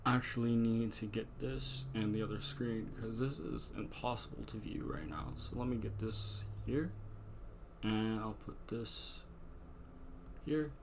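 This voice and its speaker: A man's voice: lowish voice, steady tone, unhurried, gravelly, a little hiss or hum. A man streaming, chatting casually in a laid-back, self-mocking way.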